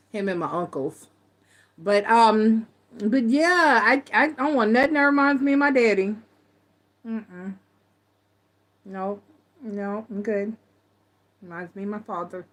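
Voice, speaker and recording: A middle-aged woman hosting a live tarot stream, chatting casually and telling stories in a blunt, animated way. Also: medium pitch, measured pace, pauses often. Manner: animated storytelling, blunt and laughing. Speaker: tarot reader host.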